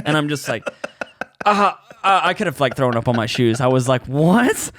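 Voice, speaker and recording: Man comedian co-host, rapid-fire animated storyteller, slightly high, dry sound. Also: dry recording. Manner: fast, animated storyteller with profanity and laughter. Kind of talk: casual chat.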